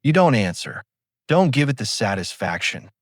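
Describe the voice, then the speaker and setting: A man giving calm, cinematic second-person narration of a sea story. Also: medium pitch, moderate pace, dry recording, clean studio sound. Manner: calm, dramatic.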